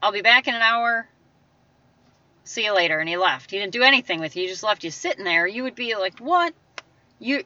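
A woman's voice: on the high side, bright, forceful tone, no room sound, far from the mic, highs cut off. A woman giving an emphatic motivational talk in a conversational way, acting out the voices she quotes. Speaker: motivational speaker. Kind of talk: motivational monologue.

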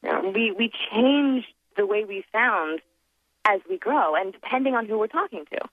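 A woman's voice: mid-range voice, animated, normal speed, dry recording. A woman guest in a casual interview, thinking aloud and reflective, full of fillers and restarts. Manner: reflective, chatty, many fillers and restarts, laughs often. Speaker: guest, accent performer. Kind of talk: casual interview on a phone line. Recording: tinny phone line, dry.

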